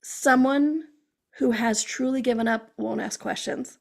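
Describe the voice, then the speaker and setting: A woman hosts her own podcast in a loose, animated motivational monologue. Her voice sits a little high and carries a strong gravelly fry. She keeps checking in with her listeners with a quick "okay?". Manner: chatty, animated, frequent "okay?" check-ins. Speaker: podcast host.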